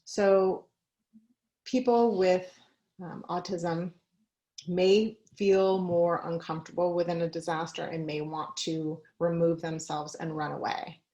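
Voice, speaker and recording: A woman's voice: on the low side, little pitch movement, slow pace, warm tone, muffled recording. A woman giving a conversational talk on a video call, mixing personal stories with practical advice and light laughs. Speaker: guest speaker.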